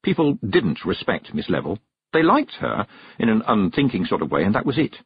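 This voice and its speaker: A man narrating a storybook in a measured, expressive reading voice. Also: on the low side, husky, lo-fi sound. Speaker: audiobook narrator.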